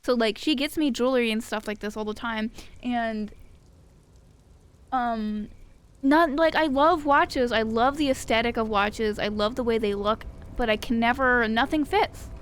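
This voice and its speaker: A woman's voice: a little high, unhurried, smooth. A woman streaming a game, reading chat and chatting casually in a rambling, profane, self-mocking way. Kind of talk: casual chat while gaming.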